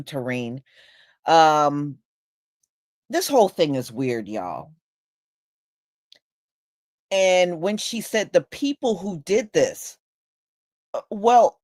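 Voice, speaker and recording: A woman hosting a livestream, greeting chat viewers by name and commenting in a measured, skeptical way. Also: medium pitch, a little mellow, dry recording, clean studio sound. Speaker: host.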